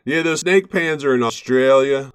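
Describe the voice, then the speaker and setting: A man's voice: medium pitch, moderate pace, clear, resonant tone, no echo, clean studio sound. A young man hosting a live stream, chatting casually with viewers and laughing often as he pans gold. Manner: laid-back, chatty, laughs often, talks to viewers and his cat. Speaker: gold prospecting livestream host. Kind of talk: casual live-stream chat while panning.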